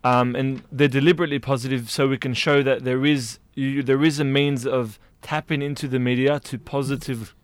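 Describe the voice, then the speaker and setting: Hesitant young co-host. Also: male voice, mid-range voice, steady tone, fairly quick, hardly any pauses, smooth, dry recording. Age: young adult. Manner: hesitant, with fillers and restarts, laughs easily. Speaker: journalism student and show co-host. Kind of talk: casual panel discussion.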